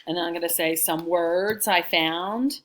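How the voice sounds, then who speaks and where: Brief: teacher, woman, low voice, chatty, reading aloud with expression. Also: fairly even intonation, a little slow, slight background noise. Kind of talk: read-aloud lesson.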